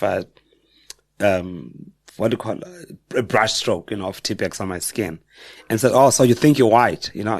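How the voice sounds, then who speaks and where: A middle-aged South African man, a guest author on a podcast, shares personal stories in a fairly low voice. He speaks reflectively and haltingly, frequently correcting himself mid-sentence, and the recording is dry and close with little room reflection.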